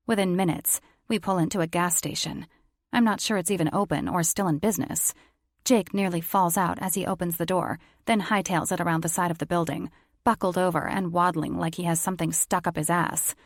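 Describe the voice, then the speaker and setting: A woman narrating a first-person romance audiobook in a wry, confiding inner voice. Her tone sits on the low side with a gravelly grain. The recording is close and dry. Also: normal speed, dry recording.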